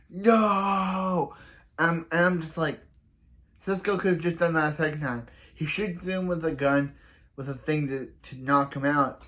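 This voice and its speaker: A man's voice: fairly high pitch, fairly bright tone. Man rambling through a TV recap. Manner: rambling, full of restarts and "so yeah"; acts out characters' lines in quick asides. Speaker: TV episode reviewer. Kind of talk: casual spoken episode recap.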